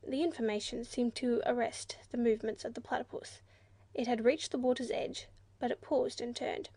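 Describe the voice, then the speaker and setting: A woman narrating a children's storybook in a clear, measured reading voice. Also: a little high, steady tone, warm tone, no room sound. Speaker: audiobook narrator.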